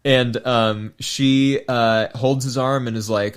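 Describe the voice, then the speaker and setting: A man's voice: medium pitch, fairly even intonation, a little slow, smooth. A man co-hosting a film podcast, talking casually and rambling with many fillers and restarts. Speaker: podcast co-host.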